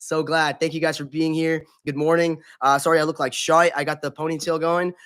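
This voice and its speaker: A man's voice: a little high, level tone, brisk, fairly bright tone, clear, resonant tone. A man hosting a casual gaming live stream, chatting in an upbeat, chummy way, greeting viewers by name and swearing casually.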